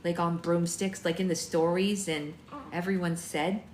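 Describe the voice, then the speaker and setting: A woman's voice: fairly low pitch, steady tone, a little slow, a little mellow, a little hiss or hum, close to an everyday voice. A blunt young witch sister, as a woman reads her, plainspoken and direct in an everyday voice. Storybook reading with roomy echo.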